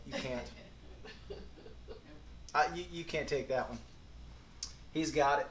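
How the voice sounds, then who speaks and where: An earnest, folksy male pastor, his voice sitting a touch high as he moves between hushed reflection and emphatic, pressing lines. The sermon rings out in a roomy, echoey hall. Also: takes it slowly, long pauses, a little hiss or hum.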